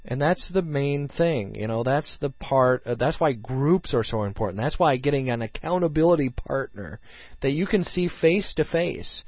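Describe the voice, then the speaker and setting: On his laid-back faith talk show, the host speaks with a medium-pitched, expressive, slightly mellow voice at a moderate pace. The dry, dull, lo-fi recording captures his earnest rambling, packed with filler words.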